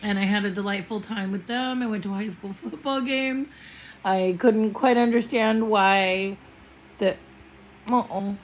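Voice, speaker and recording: A woman's voice: medium pitch, a little slow, a little hiss or hum, rough recording. Rambling, self-deprecating woman vlogger. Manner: self-deprecating, digressive, lots of fillers. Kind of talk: casual rambling vlog.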